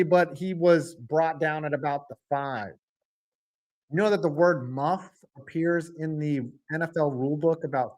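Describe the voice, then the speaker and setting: A man streaming a live football reaction, excitable and rambling, swinging from loud outbursts to low mutters. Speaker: sports streamer.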